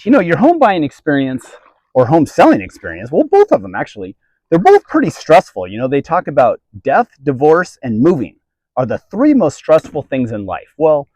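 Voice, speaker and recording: A man's voice: mid-range voice, a little mellow, dry recording, highs cut off. A man, a realtor and team leader, giving earnest, emphatic advice straight to camera. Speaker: real estate agent and team leader. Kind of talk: direct-to-camera advice video.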